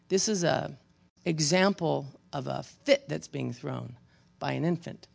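Gravelly pastor preaching a sermon. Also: medium pitch, a little slow. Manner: emphatic preaching, swinging between loud exhortation and quiet storytelling; addresses congregation members by name, with wry asides.

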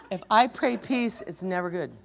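Brief: lively church teacher with a gravelly edge, tells stories and acts out the voices. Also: mid-range voice. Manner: animated, acts out loud quoted voices. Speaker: spiritual warfare trainer.

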